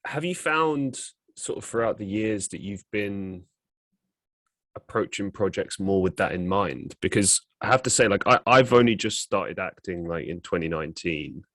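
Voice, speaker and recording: A man from London hosting a podcast interview, chatty and quick with frequent laughs. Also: sits low, fairly bright tone, no echo. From London, England. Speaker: podcast host. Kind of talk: casual interview chat.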